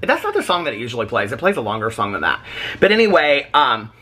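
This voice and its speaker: A man vlogging in his home kitchen, chatting in a rambling, animated way and laughing often. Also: medium pitch, quick pace, slight background noise. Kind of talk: casual chat.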